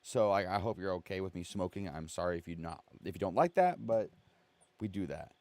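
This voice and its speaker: A man's voice: sits low, a little fast, dry recording. Young man hosting a casual live stream. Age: 20s. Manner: swearing, laughing, animated retellings.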